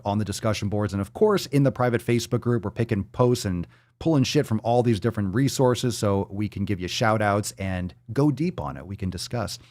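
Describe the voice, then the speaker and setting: A man's voice: on the low side, darkish tone, dry recording, studio quality. A man hosting a live fitness show, reading out viewer comments and answering questions in a brash, profane, hype-man way. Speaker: fitness podcast host.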